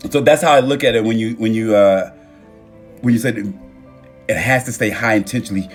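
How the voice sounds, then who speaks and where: A young man hosting a casual motivational livestream, animated and freely swearing as he talks straight to his viewers on a phone mic. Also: on the low side, a little fast, soft background music. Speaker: livestream host.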